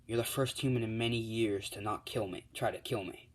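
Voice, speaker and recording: A man's voice: fairly low pitch, brisk, lightly acted. A man voicing a curious, cheerful young male dragon in human form, told as a spoken fan story.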